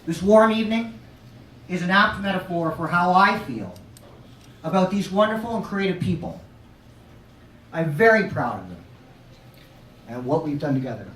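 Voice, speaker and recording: A man's voice: high voice, expressive, normal speed, pauses often, fairly bright tone, a little hiss or hum. A man giving an earnest, formal welcome speech at an art show. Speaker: founding member of an art group giving a speech. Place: art show in a restaurant lounge. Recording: roomy sound from a distant camera.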